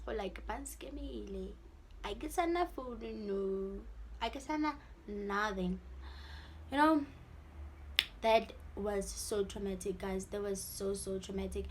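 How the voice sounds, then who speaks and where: A young South African woman with a South African accent tells a casual, animated story in her vlog, mixing in Setswana phrases. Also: medium pitch, a little slow, background noise. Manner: animated, slips into Setswana for quoted lines. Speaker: vlogger. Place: her room at home.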